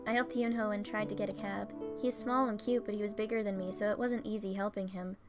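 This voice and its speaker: A woman's voice: mid-range voice, fairly even intonation, fairly quick. A woman reading a visual novel game aloud, narrating plainly and breaking in with swearing and joking reactions. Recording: faint music behind.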